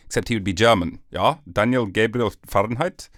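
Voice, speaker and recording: A man hosting a rambling solo comedy podcast, jokey and animated, slipping into silly voices. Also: mid-range voice, brisk, no echo, clean studio sound. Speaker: podcast host.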